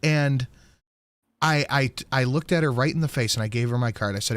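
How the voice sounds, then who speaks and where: A man hosting a podcast, telling an angry story full of swearing and quoting himself loudly. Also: medium pitch, moderate pace, clean tone, no room sound. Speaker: podcast host. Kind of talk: casual ranting chat.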